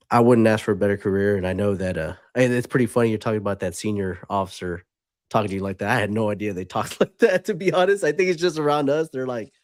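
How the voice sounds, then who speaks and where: A man's voice: lowish voice, no room sound, clean studio sound. A man, a podcast host and Army veteran, chatting loosely with many fillers. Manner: loose, halting, full of "like" and "uh". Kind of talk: casual interview chat.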